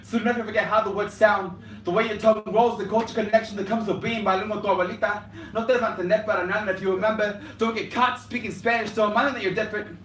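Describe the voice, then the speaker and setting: A man's voice: high voice, fairly even intonation, fast talker, hardly any pauses, a bit bright, slight background noise. A young man performing slam poetry live, moving between Spanish and English in a rhythmic spoken-word delivery. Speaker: slam poet. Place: cafe performance space, indoors. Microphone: room mic from a distance. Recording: echoey cafe room, distant mic.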